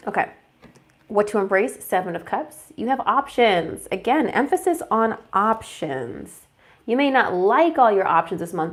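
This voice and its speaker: A young woman with a slightly low voice gives a laid-back tarot reading. She sounds congested and stuffy, chatting loosely, trailing off and restarting her sentences. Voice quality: casual, chatty with fillers and self-corrections. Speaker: tarot reader. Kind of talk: casual tarot forecast.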